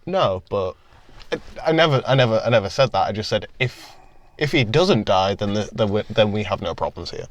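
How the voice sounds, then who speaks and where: A man's voice: on the low side, expressive, a little fast. A man co-hosting a podcast from a car, sardonic and swearing in casual banter. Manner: sardonic, swearing, laughs a lot. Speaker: podcast co-host. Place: in a parked car.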